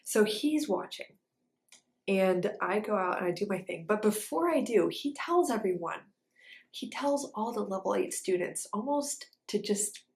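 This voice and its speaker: A young woman recounts her dance training in a loose, animated storytelling style, tossing in plenty of fillers. Her pitch sits in the middle range. The sound carries noticeable echo from the room she recorded in. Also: a little slow. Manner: animated, chatty, lots of fillers. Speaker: ballet dancer and vlogger. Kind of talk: casual storytelling. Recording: echoey room.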